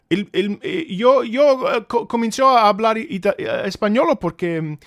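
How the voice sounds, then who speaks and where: This is a thirty-something streamer who also sings opera, joking around with his audience in a casual live-stream chat and fumbling greetings in foreign languages. He speaks at a moderate pace, his voice sitting high with lively intonation.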